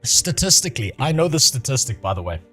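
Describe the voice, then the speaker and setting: Very animated and fast, this man's mid-range voice is bright and forceful with a breathy edge, soft music playing behind him. A livestreamer from South Africa in his thirties, he chats casually, swears openly and laughs often as he talks.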